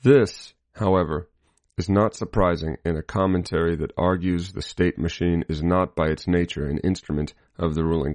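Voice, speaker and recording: A man reading a scripted political commentary in a measured, deliberate way, marking each quotation aloud. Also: deep voice, a little mellow, dry recording. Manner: spells out quotation marks.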